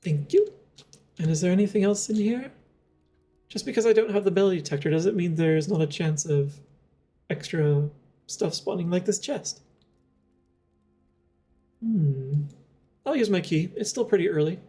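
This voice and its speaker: Young adult streamer, chatty and rambling, soft mellow tone, mid-range pitch. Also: moderate pace, pauses often, breathy edge, soft background music. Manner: rambling, giggly, thinks aloud with many fillers. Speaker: game streamer. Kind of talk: casual live-stream chat while playing.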